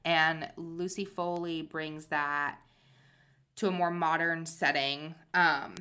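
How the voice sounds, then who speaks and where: A young woman talks about books on her podcast in an easy, rambling way. She says "like" often and tends to wander off on tangents. Her voice sits a little low but sounds bright and forward. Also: steady tone, slow pace, clear, resonant tone. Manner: chatty, tangent-prone, lots of fillers. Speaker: podcast co-host. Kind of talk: casual chat.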